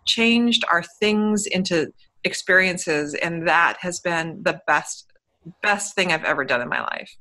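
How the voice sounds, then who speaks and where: Bright-voiced woman telling her story. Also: on the low side, unhurried, low-quality recording. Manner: open, candid storytelling with many restarts. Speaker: guest. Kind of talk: interview over video call. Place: home room.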